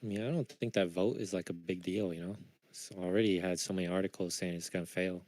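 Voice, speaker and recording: A man's voice: deep voice, steady tone, fast, darkish tone. A man trading live with friends, chatting casually and joking over a voice chat mic. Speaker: trader on a live trading stream.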